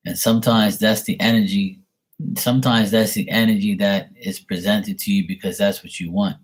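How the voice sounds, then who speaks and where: Man, young adult, stream host, angel card reading, husky, lowish voice, relaxed, rambling. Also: moderate pace. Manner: relaxed, rambling, chatty with viewers.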